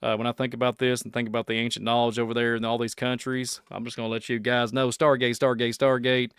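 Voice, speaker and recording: A man with a Kentucky accent rambles through posts and headlines in a loose, folksy commentary. He repeats his points and drifts into preachy warnings. His voice is smooth and resonant at an ordinary pitch, recorded dry and close. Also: no echo. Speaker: podcast host. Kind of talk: casual commentary reading posts and news.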